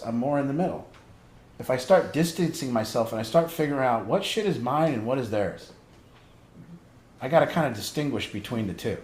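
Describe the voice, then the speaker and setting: A man's voice: mid-range voice, roomy sound. A man leading a family group as an addiction counselor, frank and conversational, asking pointed questions.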